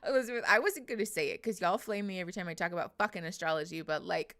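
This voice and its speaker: A woman's voice: lowish voice, rapid-fire, few pauses, fairly bright tone. A woman hosting a casual livestream, chatty and emotional, reading viewers' names aloud with frequent laughs. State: teary after crying. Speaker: livestream host.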